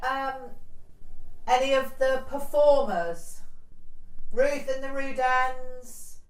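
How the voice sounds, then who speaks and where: A woman interviewer asking gentle, hesitant questions in an oral history interview. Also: sits high, slow pace. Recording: roomy, distant from the mic.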